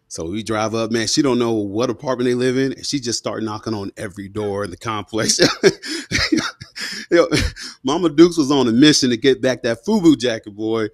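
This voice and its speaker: A man's voice: lowish voice, fairly quick, no room sound, studio quality. A man in his thirties, a podcast guest, telling stories in a casual, slangy way and acting out the quotes. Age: 30s. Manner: animated, slangy, acts out quotes. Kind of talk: casual storytelling in an interview. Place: studio.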